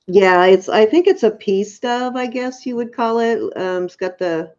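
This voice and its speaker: A woman's voice: fairly high pitch, expressive, unhurried, a little mellow. A woman selling on a live auction, describing each piece in chatty detail with frequent ums. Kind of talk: casual item descriptions. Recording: dull lo-fi sound.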